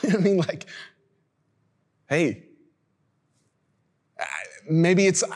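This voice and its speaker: A man's voice: high voice, very slow, darkish tone, slightly rough. A male preacher giving a sermon in a casual, conversational way, with slang asides. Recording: reverberant hall.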